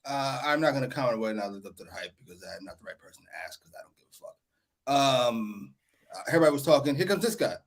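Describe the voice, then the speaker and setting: A man's voice: medium pitch, animated, quick pace. A man co-hosting a wrestling review, ranting heatedly and swearing constantly. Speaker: co-host. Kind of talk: casual profane ranting.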